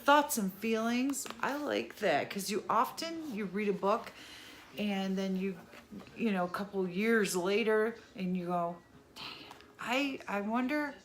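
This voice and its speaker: In a mid-range voice, a little slow, a middle-aged woman chats casually while unboxing a subscription box on her vlog. She exclaims over each item and laughs at her own mispronunciation.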